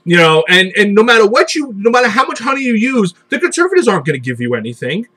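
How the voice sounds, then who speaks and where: A man's voice: high-pitched, big pitch swings, quick pace, bright, forceful tone. A man hosting a podcast, ranting heatedly in casual political talk and swearing freely. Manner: profane ranting, mocking voices. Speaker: podcast host.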